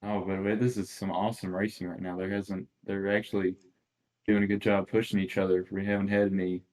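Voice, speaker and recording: A man's voice: low-pitched, level tone, fairly quick, a little mellow, low-quality recording. A man hosting a casual sports podcast, laid-back and agreeable, steering the talk from one topic to the next. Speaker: podcast host.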